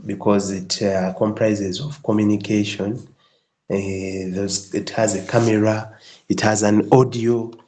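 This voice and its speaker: A man with a fairly low voice leads a live tutorial on building design. He keeps checking in with his listener and often restarts his phrases. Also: level tone, a little slow, dark tone, low-quality recording. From Kenya. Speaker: instructor.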